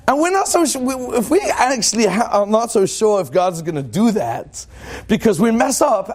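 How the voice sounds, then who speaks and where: A rabbi giving a lively, joking religious talk to a live audience, questioning them and acting out what people say. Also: male voice, high voice. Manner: animated and joking, acts out quoted thoughts in a dramatic voice.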